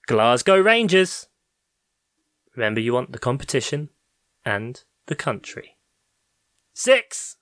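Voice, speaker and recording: A man's voice: medium pitch, a bit bright, clear, resonant tone, no room sound, studio quality. A man hosting a casual podcast football quiz, reading out answers in a playful, teasing way. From England. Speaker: quiz host.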